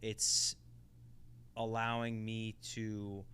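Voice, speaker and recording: A man's voice: on the low side, completely flat delivery, extremely slow, a bit bright, a little hiss or hum. A man co-hosting a casual podcast, reflecting and explaining ideas at length. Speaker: podcast co-host. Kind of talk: casual conversation.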